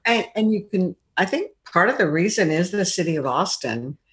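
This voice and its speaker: Older actress reminiscing, rambling. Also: female voice, fairly low pitch, lively intonation, moderate pace, a bit bright. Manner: reflective, rambling anecdotes. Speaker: actress guest. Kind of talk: interview conversation.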